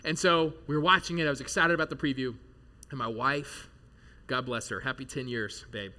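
A man in his thirties preaching a sermon to his congregation, telling a jokey personal story with animated bursts of loud excitement. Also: medium pitch, a little fast. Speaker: pastor. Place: church service before a live congregation.

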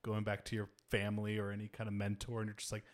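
A relaxed podcast host with a mid-range voice, joking easily and thinking aloud with plenty of fillers. The talk is loose and conversational. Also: medium pitch, fast talker. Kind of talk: casual chat.

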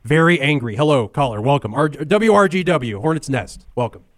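A man's voice: fairly high pitch, sing-song, normal speed, dry recording, clean studio sound. A man hosting a comedy call-in radio show who stammers, grumbles and talks openly angry.

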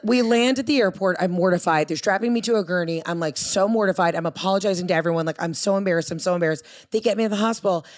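A woman at a middle pitch tells a personal story in easy conversation. She keeps slipping into quoted lines of her own past self, which gives the telling a lively, acted-out feel. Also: fast, hardly any pauses. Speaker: guest. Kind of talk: casual storytelling.

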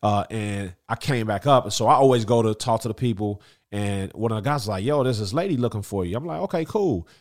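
A man in his thirties, a former radio host, telling stories in a casual chat, animated, with many fillers and restarts. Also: on the low side, quick pace.

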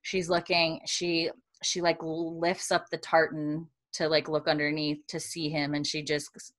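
A woman with a low-pitched voice and a bright, forceful edge talks casually from a warm room indoors. She is co-hosting a podcast and recapping an episode, rambling loosely with plenty of "like" and fillers. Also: completely flat delivery, unhurried. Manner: chatty, filler-heavy with frequent "like".

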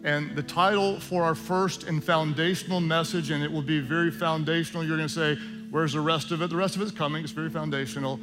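A male pastor preaching a sermon in a conversational style with joking asides, slowing down for prayer. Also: a little high, steady tone, music in the background.

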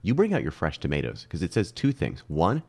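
Man, low voice, lively swooping pitch, rambling jokey podcast chat. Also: a little fast, creaky. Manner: animated, rambling, jokey, leaps up in pitch for emphasis. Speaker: podcast co-host. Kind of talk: casual chat.

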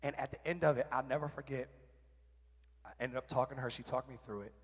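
A man sharing a candid, emotional personal testimony at church, with halting restarts. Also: mid-range voice, steady tone, slightly rough. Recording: reverberant hall.

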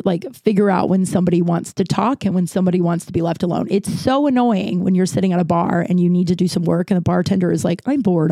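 A young woman hosts her podcast in a loose, rambling storytelling flow, packed with "like" and "you know" and lively asides. Her voice is dark and mellow, recorded dry and close with no room sound. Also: medium pitch, no room sound. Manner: rambling, filler-heavy, animated retelling. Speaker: podcast host. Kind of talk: casual storytelling monologue.

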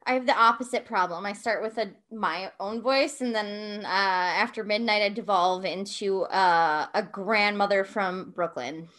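A woman chatting as a podcast guest, quick and joking. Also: medium pitch, a bit bright. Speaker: podcast guest, dice maker. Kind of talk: casual chat.

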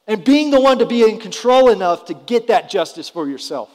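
A pastor in his thirties preaches conversationally in a church hall, often asking his congregation questions. His high voice is expressive and a little mellow, running at normal speed with hardly any pauses, and the hall adds a long reverb.

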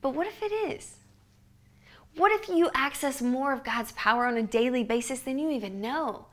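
A woman in her thirties giving a devotional podcast teaching, earnest and conversational, often dropping to a soft hush for emphasis. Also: sits high, expressive, moderate pace. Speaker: Bible teacher.

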